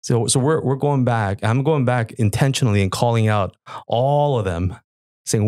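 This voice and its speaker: Middle-aged male guest, lively storyteller who acts out dialogue; dry, close sound. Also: moderate pace, no room sound. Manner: animated, acts out past dialogue with lively pitch jumps. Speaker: guest, worship musician. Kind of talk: casual storytelling interview.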